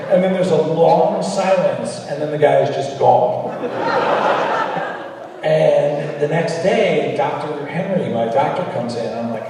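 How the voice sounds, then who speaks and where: A man telling an animated anecdote onstage, acting out the lines of the people in his story. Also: on the high side, unhurried, background noise. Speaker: film director guest. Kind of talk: storytelling in a live onstage conversation. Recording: echoey hall recording from far off.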